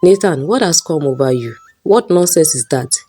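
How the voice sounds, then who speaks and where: A woman's voice: low voice, expressive, normal speed, mellow, breathy edge, faint music behind. A woman reading a weary student girl. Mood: distressed. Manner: pleading and indignant. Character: young female student, tired of harassment.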